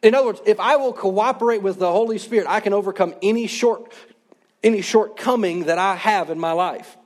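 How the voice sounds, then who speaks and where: A man's voice: high voice, a little fast. A man in his thirties, a pastor, preaching a sermon in an earnest, conversational way.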